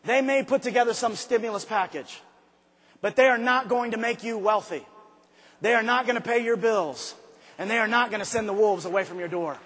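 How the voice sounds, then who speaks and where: Before a large arena audience, a male motivational speaker drops into hushed personal asides, then shouts his points slowly and forcefully. His voice sits high and sounds husky, with long hall reverb on the live audio.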